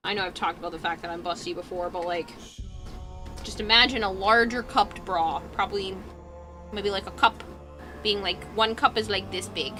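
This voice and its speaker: A woman's voice: mid-range voice, normal speed, pushed and bright. A young adult woman livestreaming in casual chat while she works on a cosplay, telling stories, laughing and swearing freely. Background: music playing.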